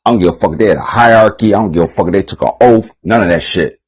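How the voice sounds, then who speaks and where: Husky, profane man ranting. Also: low voice, racing, poor audio. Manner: profane, repetitive, heated. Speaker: channel host. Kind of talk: rambling vlog monologue.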